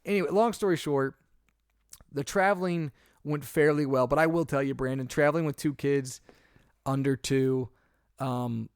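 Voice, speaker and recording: In an animated story told during a casual podcast chat, this young co-host keeps restarting and rambling, his voice climbing in pitch and volume when he gets exasperated. He speaks at a moderate pace, mid-pitched and clean-toned, close to the mic with no echo or room sound.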